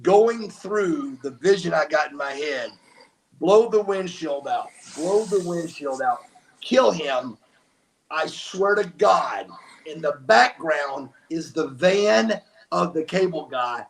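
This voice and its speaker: A man's voice: a little high, expressive, slow, gravelly. An older man, telling stories as an interview guest, emphatic and acting out what people said. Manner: emphatic, acts out quotes. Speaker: guest, former wrestler. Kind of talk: animated storytelling.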